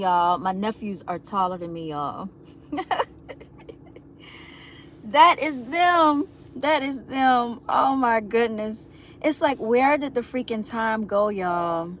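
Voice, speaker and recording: A chatty woman talks casually to her viewers, laughing often and calling them y'all. Her pitch sits in an ordinary middle range. A faint hiss of background noise stays under her voice. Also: takes it slowly. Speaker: livestream host.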